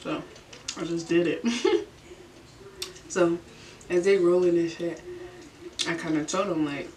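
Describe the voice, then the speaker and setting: A woman's voice: fairly low pitch, fairly even intonation, slow pace, long pauses, mellow. A young woman vlogger telling a story in her bedroom during a mukbang, laid-back, slangy and profane, laughing often. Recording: roomy, distant mic, faint hiss.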